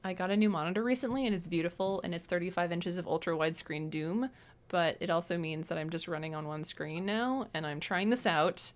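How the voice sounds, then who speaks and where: A woman hosting a game stream, chatty and gushing as she plays and talks with developers. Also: lowish voice. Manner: bubbly, chatty, quick to gush. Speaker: stream host playing games. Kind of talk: casual game stream chat.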